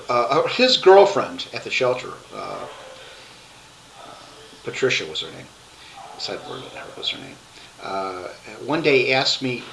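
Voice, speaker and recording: A man telling his life story to a webcam, rambling and halting with many restarts. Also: mid-range voice, fairly bright tone, a little hiss or hum, rough recording.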